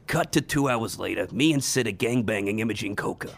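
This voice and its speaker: A man's voice: lowish voice, animated, a little fast, vocal fry. A man playing a brash, crude old vaudeville-style comic in a comedy sketch, firing off punchlines. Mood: boastful. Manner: brash joke-telling with rimshot-style punchlines.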